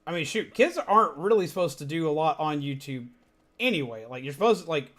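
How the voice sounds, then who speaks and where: Streamer casting: young man, high voice, rambly, excitable. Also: fairly quick. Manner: rambling, animated, swears freely. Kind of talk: casual gaming commentary.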